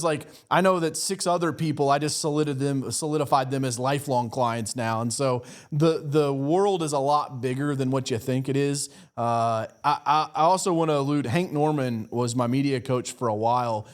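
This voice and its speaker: A man's voice: mid-range voice, normal speed. A man hosting a podcast as a business coach, chatty and agreeable, often laughing and mimicking voices. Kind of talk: casual podcast conversation.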